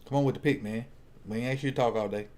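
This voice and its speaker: A man chats loosely with friends while watching a football draft, joking and working through picks out loud. He often restarts and trails off mid-sentence as he thinks. His voice sits at an ordinary middle pitch for a man. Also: fairly even intonation, rapid-fire. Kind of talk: casual chat.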